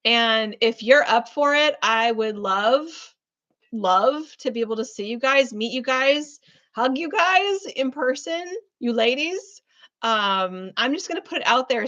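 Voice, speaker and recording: A woman hosting a live-stream reading alone in her room, chatting warmly and effusively with viewers, full of fillers. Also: a little high, highs cut off. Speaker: spiritual business coach hosting a live reading.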